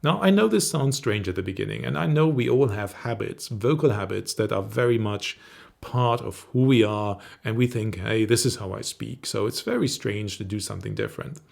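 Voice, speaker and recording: A middle-aged man, a confidence coach, teaching straight to camera in a calm, measured way. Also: lowish voice, vocal fry. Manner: calm, measured, demonstrates intonation.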